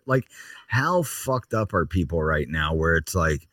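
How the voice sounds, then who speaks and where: A man's voice: sits low, lively intonation, measured pace, a bit bright, no echo, distant mic. A man co-hosting a podcast, riffing in a laid-back, swearing way. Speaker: podcast co-host. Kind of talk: casual podcast chat.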